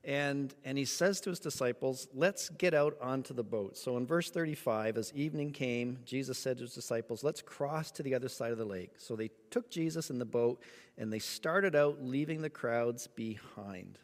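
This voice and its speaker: A man preaching a sermon, telling a story with lively acted-out moments. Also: medium pitch, moderate pace, in a large hall. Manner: animated storytelling, acts out voices. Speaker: pastor.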